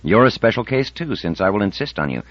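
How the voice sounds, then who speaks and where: A man's voice: lowish voice, very animated, quick pace, dry recording. A man reading an audiobook, voicing a confident, persuasive woman scientist in her fifties. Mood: determined. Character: confident, determined woman scientist over fifty. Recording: dull dry audiobook recording.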